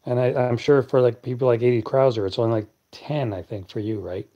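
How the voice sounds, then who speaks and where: A man with a deep, clear voice hosts a late-night live stream and chats easily with his viewers. His tone is dark and mellow. The recording sounds a bit dull and lo-fi. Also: a little fast. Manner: relaxed, chatty, answers viewers by name.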